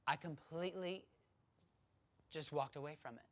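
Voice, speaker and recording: Brief: a man of average pitch, lively and dramatic as he tells his own story. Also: normal speed. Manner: animated, laughing, dramatic. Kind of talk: personal storytelling to an audience.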